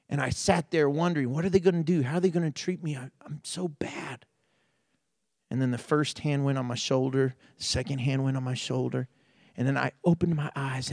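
A man preaching a sermon as pastor, swinging between loud emphasis and hushed storytelling. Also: mid-range voice, no echo, clean studio sound.

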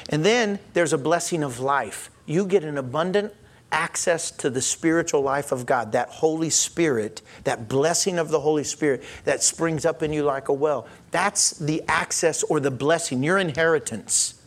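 A man preaching a sermon, telling a story with animated acted-out quotes and frequent chuckles, then easing into a soft, intimate blessing. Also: fairly high pitch, normal speed.

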